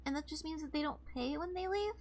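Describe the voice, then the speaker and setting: A woman streamer playing a game live, reading its text aloud and reacting with loud, startled outbursts and swearing. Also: high-pitched, quick pace, slight background noise.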